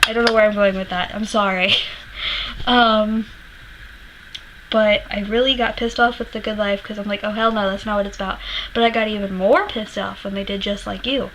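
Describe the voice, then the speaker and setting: A woman's voice: medium pitch, fairly even intonation, moderate pace, a bit bright, a little hiss or hum, poor audio. A young woman telling a concert story in a casual vlog, candid and rambling, swearing freely and laughing often. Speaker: music vlogger.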